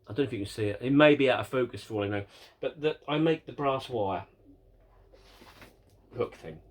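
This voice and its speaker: A man's voice: mid-range voice, a little fast. A man hosting a casual question-and-answer vlog about his model railway, rambling and chatty, often repeating words and mocking himself. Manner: self-mocking and exasperated.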